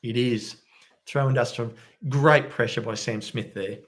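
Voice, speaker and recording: A man giving excitable live play-by-play commentary as a fan watchalong host, keeping his voice down at home late at night. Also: medium pitch, normal speed. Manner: excitable, bursts into loud cheering; kept quiet since it is night at home. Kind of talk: live match commentary for viewers.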